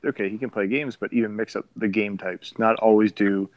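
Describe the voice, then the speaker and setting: A man with a fairly low voice chats loosely about parenting, backtracking and restarting his sentences. His talk is casual and unscripted, full of filler and second thoughts. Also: steady tone, dry recording, highs cut off. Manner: rambling, halting, many restarts. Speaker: parent discussing his son. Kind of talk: casual podcast chat.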